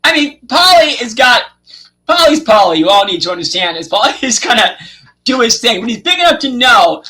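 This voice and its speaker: A man co-hosting a podcast, chatting casually and telling stories with drawn-out emphasis and frequent "okay?" checks. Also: very high-pitched, sing-song, pushed and bright, poor audio. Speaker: podcast co-host.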